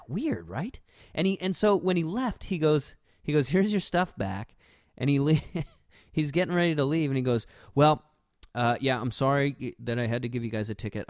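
A young man rambles through a casual story as a podcast host, breaking into laughs. His voice sits slightly low, recorded dry and close with no room sound. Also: no echo. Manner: rambling, chatty, laughs between phrases.

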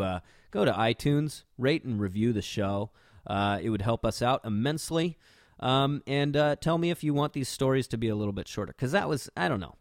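A man's voice: medium pitch, lively intonation, normal speed, no room sound, studio quality. A man in young adulthood, hosting a podcast and telling a rambling, casual story with laughs between phrases. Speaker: podcast host.

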